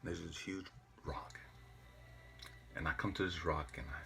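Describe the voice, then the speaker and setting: A man telling an earnest, emotional personal story as a father, often dropping his voice to a hushed whisper. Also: low voice, fairly even intonation, a little slow, creaky.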